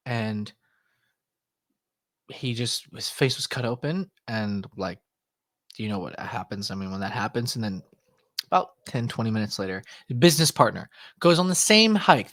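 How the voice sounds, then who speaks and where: A man's voice: medium pitch, no room sound. A young man telling a story on a casual podcast, acting out the voices of the people in it and leaning on lots of "like" fillers. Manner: animated, acts out voices in quotes, many "like" fillers.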